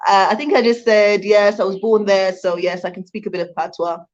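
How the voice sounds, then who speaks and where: Brief: chatty Jamaican-born woman hosting a livestream, mid pitch, slightly muffled audio. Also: steady tone, a little fast. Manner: chatty, laughs often, thanks viewers warmly. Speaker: livestream host. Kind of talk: casual livestream chat reading viewer comments. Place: home in Rwanda.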